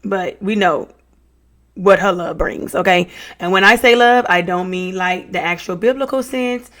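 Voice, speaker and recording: A woman's voice: lowish voice, unhurried, fairly bright tone. Sassy chatty woman reacting to texts. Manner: chatty, sassy asides with terms like baby and honey; reads text messages aloud and comments on them. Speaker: true-crime reaction vlogger. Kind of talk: casual reaction commentary.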